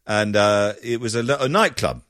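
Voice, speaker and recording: A man's voice: lowish voice, normal speed, dry recording, studio quality. A man, a comedian, telling anecdotes in an interview and acting out voices as he goes. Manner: lively storyteller, acts out voices. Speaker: comedian guest.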